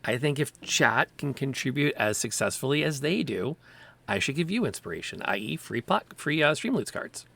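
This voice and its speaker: A man narrating a streamed tabletop game as game master, in an animated, dramatic storytelling manner. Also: mid-range voice, moderate pace, gravelly.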